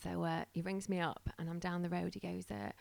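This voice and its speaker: A woman's voice: lowish voice, little pitch movement, brisk, creaky, darkish tone, no echo. A woman who is starting a church tells a casual, laughing story and acts out the voices of the people in it. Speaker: church planter sharing a story.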